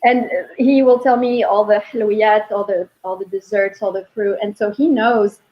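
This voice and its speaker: A woman linguistics professor talking as an interview guest, telling animated stories and quoting her son. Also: medium pitch, moderate pace, highs cut off. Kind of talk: casual interview talk.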